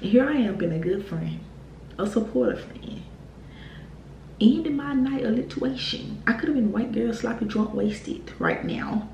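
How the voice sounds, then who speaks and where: A woman's voice: on the high side, normal speed, vocal fry. A young woman, heatedly telling a storytime on her channel. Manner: animated, heated retelling with profanity and laughs. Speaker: YouTube storyteller. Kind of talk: casual storytime vlog. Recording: echoey room with faint noise.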